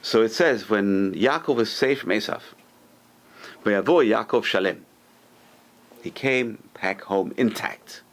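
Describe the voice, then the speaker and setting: Here the same kind of man, a rabbi leading a live Torah class, takes his time with long pauses. He still narrates animatedly, voices quoted lines with abrupt jumps upward in pitch, and turns to the room to question those listening.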